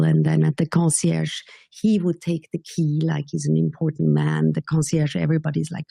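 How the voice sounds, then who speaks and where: A woman from Switzerland, a podcast guest telling her story in a slow, measured way that sometimes drops to a whisper. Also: low-pitched, flat delivery, gravelly, warm tone, breathy edge, no echo.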